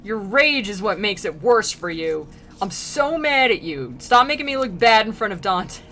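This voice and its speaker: A woman voicing an exasperated male poet guide who scolds and yells at a damned soul. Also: moderate pace, soft background music, natural voice. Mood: scolding. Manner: shouting, scolding, high-strung.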